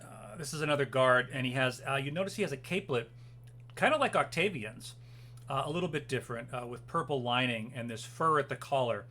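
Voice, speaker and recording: Bright-voiced man running a tabletop game. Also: medium pitch, fairly quick. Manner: loose, hesitant, full of fillers. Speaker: game master.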